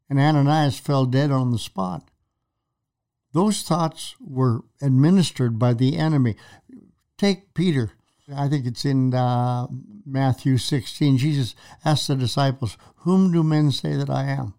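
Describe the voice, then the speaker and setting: Medium in pitch, warm, and smooth, his voice keeps a moderate pace. He's a preacher co-hosting a faith talk show, giving conversational Bible teaching by retelling stories and acting out the quotes with dramatic flair.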